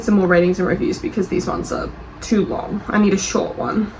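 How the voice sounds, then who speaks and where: A woman's voice: mid-range voice, little pitch movement, a little fast, a little mellow, a little hiss or hum, low-quality recording. A woman with an Australian accent, a book reviewer and author chatting casually as she reads reviews aloud, reacting defensively and swearing freely.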